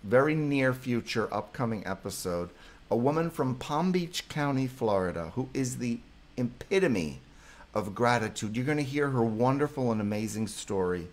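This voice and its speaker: A man's voice: medium pitch, lively intonation, normal speed. A middle-aged man, a psychologist hosting a live stream, effusively thanking viewers and reading their comments aloud.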